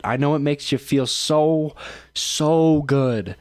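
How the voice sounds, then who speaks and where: A man's voice: a little high, slow, smooth, dry recording, clean studio sound. A man hosting his own show, ranting profanely and rambling through reaction commentary with lots of fillers. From United States. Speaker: streamer and show host.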